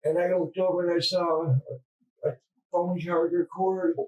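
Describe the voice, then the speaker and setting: A man's voice: sits high, level tone, a little mellow, highs cut off. Distressed man confessing, heard from afar. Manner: halting, distressed, stammering restarts. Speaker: murder suspect under interrogation. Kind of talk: police interrogation confession. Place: police interview room. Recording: distant mic in interrogation room.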